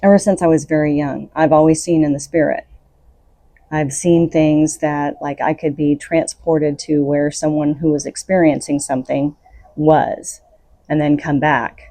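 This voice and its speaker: A woman's low, dark-toned voice, fairly even in intonation and a little slow, comes through a dry recording. She hosts her own podcast, coaching earnestly through unscripted spiritual self-help and laughing between thoughts.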